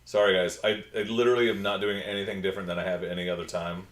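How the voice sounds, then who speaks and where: A man's voice: deep voice, level tone, fast, fairly bright tone, roomy sound. Chatty man hosting a livestream. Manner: chatty, reads and answers viewer comments. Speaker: livestream host. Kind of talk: casual livestream chat. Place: indoors at home computer.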